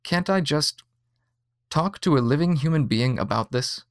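A man's voice: a little high, lively intonation, normal speed, no echo, voice pushed up. A man voicing an adult woman caught in a bureaucratic mix-up, speaking in an annoyed, insistent way, in a dry reading. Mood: exasperated.

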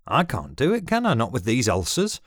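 A man's voice: medium pitch, huge pitch swings, brisk, no echo, studio quality, pitched above the performer's own voice. A man reading a story aloud, voicing a grumpy, stubborn old father who talks in a cantankerous, indignant way.

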